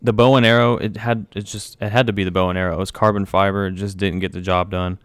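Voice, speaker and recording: Brief: young male host, low smooth voice, jokey announcer delivery. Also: little pitch movement, fast talker, dry recording. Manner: mock-announcer, joking threats. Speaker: podcast host. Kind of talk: casual podcast chat.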